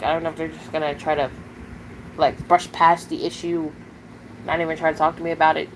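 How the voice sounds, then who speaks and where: A woman's voice: lowish voice, slight background noise. Angry, swearing young woman streamer. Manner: profane, confrontational, fillers of "like". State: upset and angry. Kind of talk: live-stream vent.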